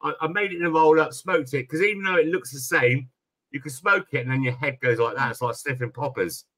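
British man, stream host, bright forceful voice, slightly high, sweary storyteller. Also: a little fast. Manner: animated storytelling, swears freely. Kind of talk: casual chat on a live stream.

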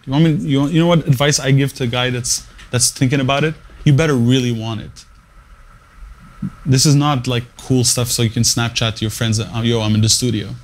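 A man with a mid-pitched voice speaks in an interview about his path as a radio morning show producer. He talks in short, punchy phrases and often restarts his sentences. He leans hard on key words as he gives blunt career advice. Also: steady tone, a little fast.

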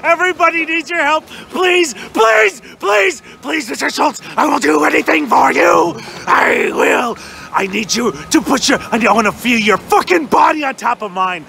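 Man doing a desperate superfan, very high-pitched, gravelly, shouting, crude begging rant, outdoors on a street. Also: expressive, moderate pace, a little hiss or hum, exaggerated voice. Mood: frantic ranting. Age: young adult. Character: manic, desperate young male political superfan. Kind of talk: improvised comedy rant.

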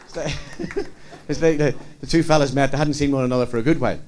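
Chatty comedian telling jokes. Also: male voice, mid-range voice, fairly even intonation, fast, a little mellow, a little hiss or hum. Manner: chatty, laughing at his own jokes. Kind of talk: stand-up joke telling.

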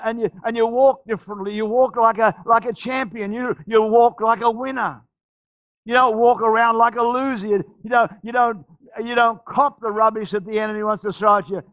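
A man's voice: very high voice, fairly bright tone, dry recording, low-quality recording. A man with an Australian accent preaching a sermon as pastor, urging his listeners with repeated phrases and frequent restarts. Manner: repetitive, exhorting, stammering restarts.

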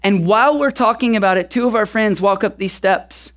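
A pastor in his thirties preaching a sermon through a relaxed personal story, talking conversationally with casual fillers. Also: high-pitched, brisk.

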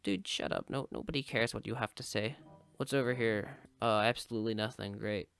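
A man's voice: lowish voice, fairly even intonation, a little fast, gravelly, fairly bright tone, clean tone, no room sound. A man giving casual, joking commentary while playing a video game, rambling and breaking into sudden yelps. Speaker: gaming YouTuber.

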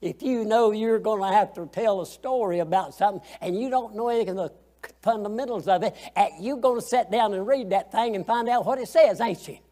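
A man's voice: high-pitched, fairly quick, mellow. A man teaching a Sunday school lesson, folksy and colloquial, asking the class questions as he goes.

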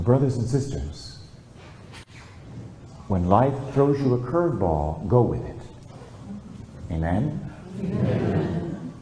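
A priest giving a homily, telling a story with lively, conversational preaching and calling out for amens, in a church. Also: male voice, medium pitch, a little hiss or hum. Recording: echoey church.

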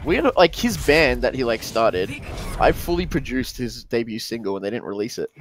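A man's voice: mid-range voice, normal speed, soft background music. A young man with an Australian accent, chatting and joking with a friend while gaming. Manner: joking, excitable, laughs often. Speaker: gamer. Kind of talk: casual chat while gaming.

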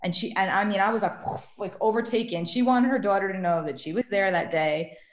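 A woman's voice: medium pitch, a little fast. A woman, a guest medium and tarot reader, chatting casually on a podcast and telling stories with acted-out quotes. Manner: animated storytelling, acts out quotes. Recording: echoey room.

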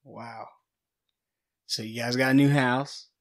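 Flat-voiced podcast host, a man. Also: mid-range voice, takes it slowly, no echo, studio quality. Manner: brief, affirming responses. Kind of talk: casual interview.

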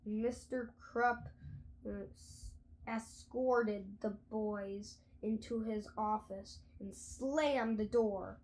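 A woman reading a children's audiobook aloud in an expressive storytelling manner. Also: mid-range voice, very slow. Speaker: audiobook reader.

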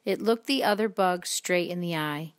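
A woman reading a picture book aloud in a slow, expressive storytelling way. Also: fairly low pitch. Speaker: reader.

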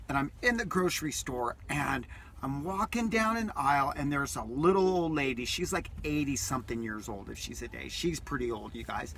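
A man's voice: mid-range voice, sharp tone, slight background noise. A man vlogging from his parked vehicle, telling a rambling, enthusiastic story in a casual way that repeats itself.

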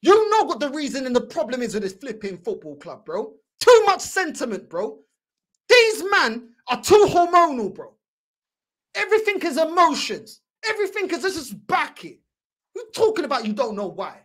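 A man's voice: extremely high pitch, very animated, moderate pace, a bit bright. A man with a London accent hosting a football fan channel, angrily ranting and repeatedly calling people "bro". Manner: angry, ranting, repetitive "bro". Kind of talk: heated fan reaction rant.

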